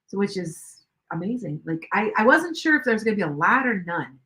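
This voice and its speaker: A woman's voice: mid-range voice, big pitch swings, fairly quick, a bit bright, poor audio. An older woman hosting a tarot livestream, chatting casually in a rambling way with many restarts. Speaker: tarot reader livestream host.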